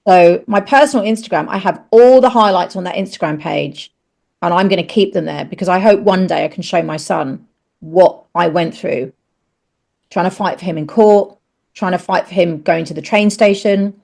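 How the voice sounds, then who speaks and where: A middle-aged woman talks openly as a podcast guest, her voice sitting at an ordinary middle pitch. She tells the story frankly and swears freely. When she plays out each exchange, she jumps up into animated, higher voices. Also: moderate pace, gravelly. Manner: animated, acts out the dialogue in raised voices. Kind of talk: candid personal storytelling.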